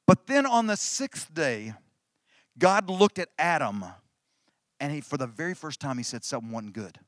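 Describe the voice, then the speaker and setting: Middle-aged male pastor, conversational sermon, slightly high voice, dry close mic. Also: very animated, normal speed, fairly bright tone, no room sound. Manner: conversational preaching with repeated restarts and emphatic phrases.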